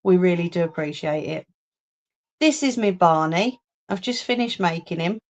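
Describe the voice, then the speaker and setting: A woman with a low voice and lively intonation chats at a moderate pace during a casual home crafting livestream, answering viewers as she works. She's in her craft room indoors, captured on a phone or webcam.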